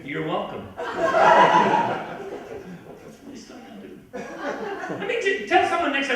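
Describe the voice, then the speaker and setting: A middle-aged man doing a stand-up comedy set in a club, ranting and incredulous, sometimes building to a shout. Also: on the high side, huge pitch swings, unhurried, pauses often, crowd noise. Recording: echoey club from far off.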